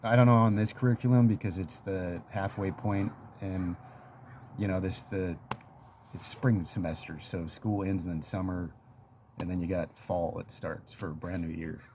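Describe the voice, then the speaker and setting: A man's voice: low-pitched, fairly even intonation, moderate pace, darkish tone, slight background noise. A man casually telling a personal story in a chatty, rambling way, full of fillers and little laughs.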